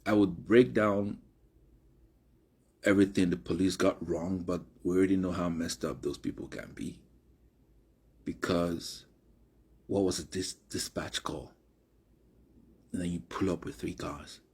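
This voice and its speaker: A man's voice: sits low, fairly even intonation, a little slow, long pauses, a little mellow, breathy edge. A man giving casual, earnest and reflective commentary.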